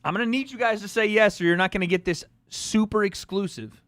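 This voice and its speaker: A man's voice: high-pitched, a little fast, fairly bright tone, no room sound, studio quality. A man hosting a livestream from home, joking and trading playful trolling banter with his chat. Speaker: livestream host.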